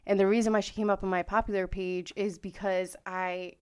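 A young woman co-hosting a podcast in casual chat, reacting with quick comments and then telling her own story. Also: mid-range voice, little pitch movement, smooth. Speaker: podcast co-host.

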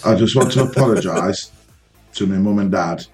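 A man's voice: fairly low pitch, moderate pace, darkish tone, soft background music. A man with a British accent on a casual podcast, ranting animatedly and swearing. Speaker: podcast co-host.

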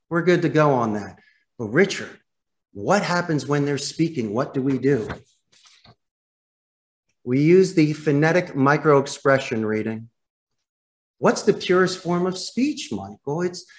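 Man, slightly higher voice, animated, coaching tone, interview guest. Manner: animated, coaching, addresses the host by name. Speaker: call center executive, interview guest.

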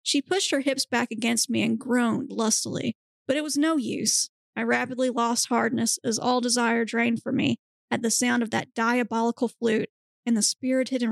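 Woman podcast host reading aloud: deadpan, gravelly edge, dry close mic. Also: fairly high pitch, no room sound. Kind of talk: dramatic reading of erotic fiction.

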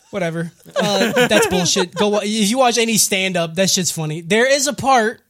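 Crude, lively podcast host man. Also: high voice, a little slow. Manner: crude, laughing, does mocking character voices while recapping. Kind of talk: casual comedic recap chat.

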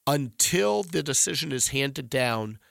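A man's voice: mid-range voice, lively intonation, measured pace, vocal fry, a bit bright, dry recording. A middle-aged man giving discursive, emphatic legal analysis in conversation, often restarting his sentences. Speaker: legal commentator.

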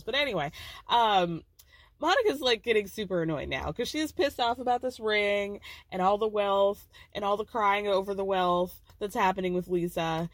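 A woman's voice: medium pitch, animated, moderate pace, no room sound. A woman hosting a casual podcast, recapping reality TV in a gossipy, chatty way and laughing often.

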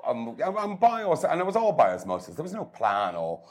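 A man's voice: a little high, wildly swooping pitch, brisk. An older man, a chef talking with enthusiasm and self-mocking humour in an interview. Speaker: chef and cookery writer. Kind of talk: conversational interview.

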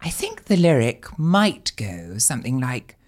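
Male podcast host, very lively intonation, polished, eager questions. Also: medium pitch, measured pace. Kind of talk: casual podcast chat.

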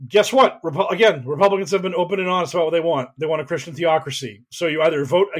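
This podcast host, a man, goes off on politics with exasperation, plenty of profanity and heavy emphasis. His voice, which he describes as whiny, is on the high side.

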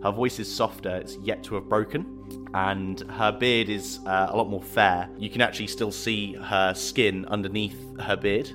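Male game master, low voice, casual narration over music bed. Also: fairly even intonation, normal speed.

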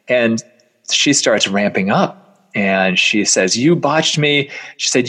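A middle-aged man, a plastic surgeon, telling a story in an animated way and acting out the voices of the people in it. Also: moderate pace, husky. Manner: acts out quoted voices, rises sharply in pitch when incredulous.

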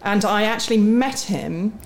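A woman's voice: mid-range voice, unhurried, a little hiss or hum. A middle-aged woman, the guest on a podcast, answering questions in a candid, self-deprecating way with frequent restarts. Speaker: guest, sports series CEO. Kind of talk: casual podcast interview.

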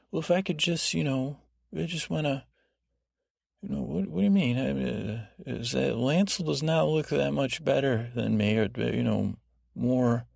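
Gravelly man rambling through a sleep podcast. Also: mid-range voice, normal speed, darkish tone, no room sound, studio quality. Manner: meandering, self-deprecating asides, many restarts. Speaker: podcast host.

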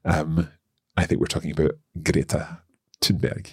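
A man hosting a language lesson podcast, slowly sounding out foreign phrases with hesitant fillers. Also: rumbling low, flat delivery, breathy edge, no room sound, studio quality. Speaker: podcast host and learner.

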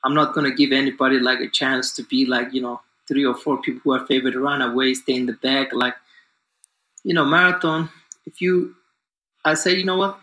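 A man's voice: medium pitch, steady tone, brisk, sharp tone. A man in his forties, a distance runner being interviewed, talks confidently in a loose, rambling way with lots of fillers. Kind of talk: casual interview talk. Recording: echoey room.

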